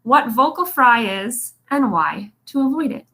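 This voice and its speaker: A young adult woman teaching voice care in a relaxed livestream, talking to viewers in a chatty, encouraging way. Her voice is bright and sits a little high. She sounds like she is speaking into a phone or webcam. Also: unhurried. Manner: chatty, encouraging, demonstrates vocal fry. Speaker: vocal coach. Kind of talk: casual livestream lesson.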